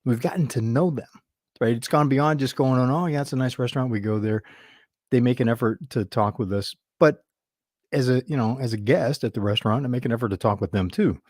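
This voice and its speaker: A man talks straight to his viewers, spinning a story about a small business at an easy, conversational pace. His pitch sits in the middle of the range. The sound is dry and close, with hardly any room echo. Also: a little fast, darkish tone. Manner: storytelling, chatty, with restarts and quoted dialogue. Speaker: business show host. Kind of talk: casual talk to camera.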